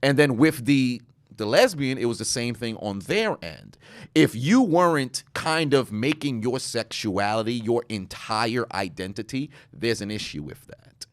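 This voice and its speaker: A man's voice: medium pitch, animated, unhurried, smooth. A man in his late twenties in casual podcast chat, reflecting on his views. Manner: reflective, agreeing with many backchannels. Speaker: podcast co-host.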